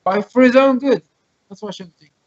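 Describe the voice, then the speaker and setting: A man teaching a Torah class over a video call, explaining with everyday examples and quoting Hebrew texts quickly. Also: very high voice, no echo. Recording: muffled, dry video call audio.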